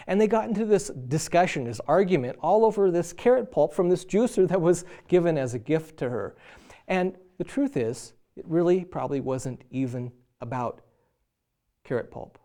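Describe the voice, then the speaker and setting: Middle-aged male preacher, warm and mellow, lively storyteller who acts out both sides of a quarrel. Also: fairly high pitch, moderate pace. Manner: animated storyteller acting out both spouses. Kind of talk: sermon on marriage.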